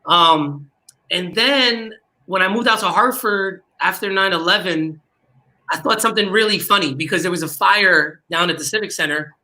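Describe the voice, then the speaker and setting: A man, a comedian guest, telling a story with quick jokes and asides. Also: sits high, sharp tone. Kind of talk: casual comedians' chat.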